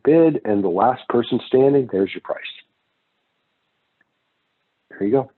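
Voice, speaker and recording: Casual man lecturing on economics, husky tinny sound. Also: mid-range voice, expressive, brisk, soft background music. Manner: casual, digressive, with personal anecdotes. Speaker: economics instructor. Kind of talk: recorded lecture.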